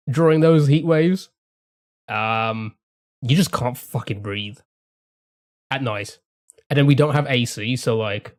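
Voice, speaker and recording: A man's voice: mid-range voice, darkish tone. A man rambling casually to his live-stream chat, swearing freely and restarting his sentences often. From England.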